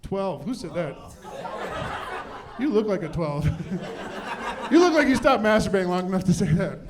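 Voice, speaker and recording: A man's voice: sits high, sing-song, normal speed, a crowd in the background. A middle-aged man doing a self-deprecating stand-up comedy set on a club stage with a handheld mic. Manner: self-deprecating, punchy delivery.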